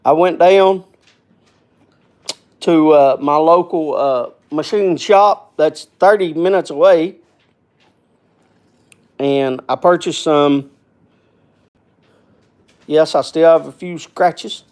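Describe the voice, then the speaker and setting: A man's voice: fairly high pitch, takes it slowly, pauses often. A man hosting a live stream in casual chat, rambling, folksy and repetitive, sometimes working himself up. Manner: gets worked up then calms.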